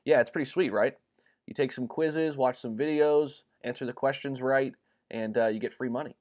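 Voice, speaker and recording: A man hosting a casual livestream, chatty and upbeat, filling pauses with ums and uhs as he talks to viewers. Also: medium pitch, darkish tone, muffled recording. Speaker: crypto livestream host.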